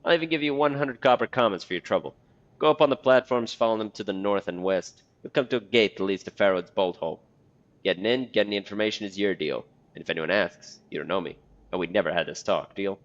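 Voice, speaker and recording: A man's voice: fairly low pitch, fast, natural voice. A man voicing a blunt, secretive male corpse collector in a game, on a dull lo-fi recording. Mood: shady.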